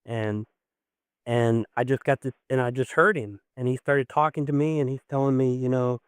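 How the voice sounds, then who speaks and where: A man's voice: mid-range voice, fairly even intonation, moderate pace, clean tone, no echo, studio quality. A man calling a late-night radio show, telling a long personal story in a rambling way, full of "like" and "you know". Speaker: caller. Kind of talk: emotional call-in storytelling.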